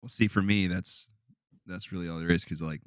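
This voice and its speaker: A man's voice: sits low, steady tone, brisk, clean tone, dry recording, studio quality. A man hosting a podcast in casual, joking chat, swearing freely. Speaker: podcast host.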